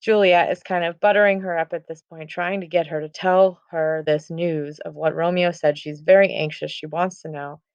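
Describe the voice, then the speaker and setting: A woman's voice: lowish voice, steady tone, normal speed, few pauses, a little mellow, clean tone, no room sound. A young woman teaching, retelling a play scene casually with lots of "like" and "um". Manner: casual retelling with many "like" and "um" fillers. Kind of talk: casual lesson summary. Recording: dull, muffled recording.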